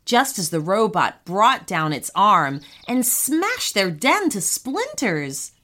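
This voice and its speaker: Animated woman narrating a children's story. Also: medium pitch, slow.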